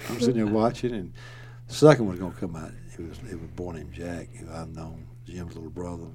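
A man's voice: sits low, fairly even intonation, fairly quick, a little mellow. Older Alabama man telling folksy stories. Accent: Southern US, Alabama. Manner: folksy, rambling, chuckles often. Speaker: storyteller. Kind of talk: casual storytelling.

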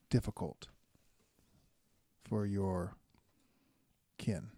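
A man playing a high cleric, speaking in a formal, measured and earnest way. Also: dark tone, dry recording.

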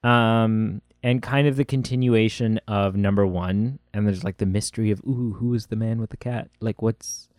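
A man's voice: fairly low pitch, steady tone, moderate pace, few pauses, a little mellow, no room sound, studio quality. A man with a Canadian accent co-hosting a casual film review podcast, rambling and joking with many fillers. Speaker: podcast co-host.

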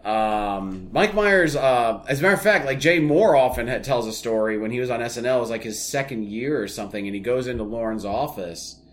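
A man co-hosting a podcast, telling stories in a casual, animated way with quick asides. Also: mid-range voice. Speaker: podcast co-host. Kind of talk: casual chat.

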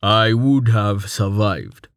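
A man voicing a stoic, dryly humorous armored male warrior in an audiobook, speaking in a slow, measured and formal way. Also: on the low side, clear, resonant tone, no room sound, studio quality. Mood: calm.

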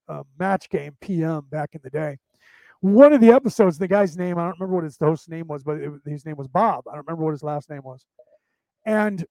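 A man's voice: fairly high pitch, dark tone, no room sound, rough recording. A man hosting a podcast, talking in a casual, rambling, crude and profane way and laughing often. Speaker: podcast host.

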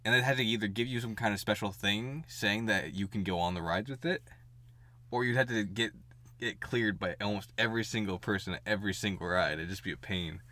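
A man's voice: on the low side, fairly quick, bright, forceful tone. A man co-hosting a podcast in casual chat, joking crudely with lots of fillers and laughter. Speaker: podcast co-host.

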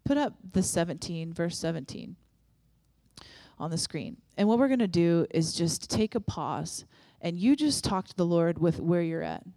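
A woman's voice: lowish voice, big pitch swings, normal speed, mellow, no room sound, studio quality. A woman preaching a sermon and leading prayer in an earnest, conversational way, with frequent restarts. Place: church room with audience.

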